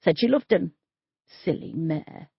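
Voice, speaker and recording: A woman's voice: fairly low pitch, expressive, unhurried, creaky, slightly rough, dry recording, muffled recording, exaggerated voice. A woman voicing a blunt, gossipy middle-aged street worker, in an audiobook. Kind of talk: audiobook character voice.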